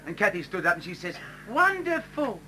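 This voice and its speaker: Man, stage joke teller, high animated voice, hissy live recording. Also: fairly quick, rough recording. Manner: chatty, voices the characters in his joke. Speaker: stage performer telling a joke. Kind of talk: live stand-up joke telling.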